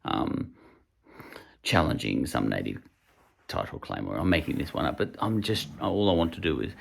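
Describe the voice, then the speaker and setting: A low-voiced Irish man with a gravelly rasp, talking through a casual book review. His pitch swoops up and down a lot as he rambles, pausing and hunting for the right words. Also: big pitch swings. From Ireland. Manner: rambling, hesitant, searches for words.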